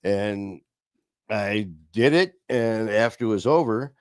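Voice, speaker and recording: This podcast host chats through stories loosely over a video call via streaming software, unscripted, restarting often and chuckling. He speaks slowly in a lowish voice. The audio is studio quality with no room sound.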